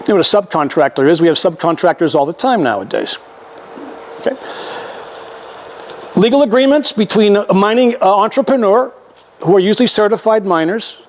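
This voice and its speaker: An older man gives a folksy history lecture, his voice sitting a little high for a man. He talks conversationally and often repeats or restarts his words as he works through his slides. A faint hum of room noise runs underneath. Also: expressive, fairly quick, long pauses.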